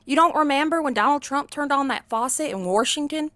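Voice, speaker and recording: A woman putting on a Texas accent, playing a thirty-two-year-old Trump voter in a deadpan, rambling way. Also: high-pitched, fairly quick, no echo, voice pushed up. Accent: put-on Texas.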